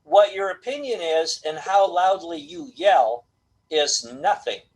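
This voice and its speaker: Middle-aged guy on a video call, kinda husky, acts out voices while he talks. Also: a little high, slow, poor audio. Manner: animated storytelling, acts out quoted voices. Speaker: guest astrologer. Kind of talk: casual video call conversation.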